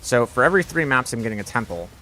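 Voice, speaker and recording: A man's voice: medium pitch, sing-song, quick pace, bright, forceful tone, a little hiss or hum. A young man live-streaming a game, chatting casually with his viewers, rambling and swearing often.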